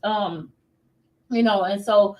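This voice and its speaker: Animated woman host telling stories. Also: mid-range voice, takes it slowly, far from the mic. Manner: animated storytelling, acts out quotes. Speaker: show host. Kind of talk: casual faith talk show chat.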